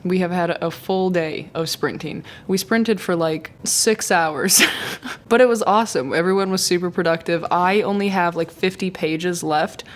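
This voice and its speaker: A woman's voice: on the low side, normal speed. A young woman chatting casually and upbeat in a vlog about her reading weekend. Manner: chatty and upbeat, with laughs and self-talk. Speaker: booktuber vlogging a readathon.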